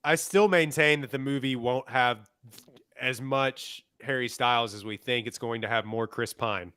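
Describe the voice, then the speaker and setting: Smooth-voiced man gossiping wryly. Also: medium pitch, moderate pace, pushed and bright, no echo. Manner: gossipy, wry, chatty. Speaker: podcast co-host. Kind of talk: casual chat.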